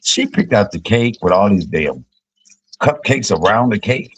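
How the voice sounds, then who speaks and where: A middle-aged man, a comedian, telling profane, joking stories on a casual livestream and jumping high in pitch when he quotes people. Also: lively intonation, measured pace, slightly rough, poor audio. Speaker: comedian and YouTube cook.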